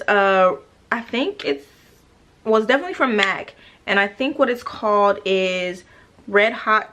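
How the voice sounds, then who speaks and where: A woman's voice: medium pitch, a bit bright. A young woman vlogger rambling through a makeup tutorial and a casual personal story, correcting herself often, sassy and talkative. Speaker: beauty vlogger.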